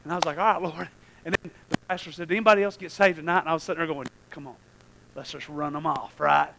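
A male preacher telling a story in a sermon, swinging from hushed asides to shouted prayers. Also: on the high side, fairly even intonation, quick pace, vocal fry, slight background noise, poor audio.

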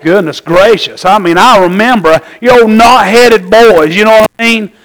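High-voiced preacher, folksy and animated. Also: male voice, normal speed, poor audio. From Tennessee. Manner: animated, folksy, calls for amens. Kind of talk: sermon.

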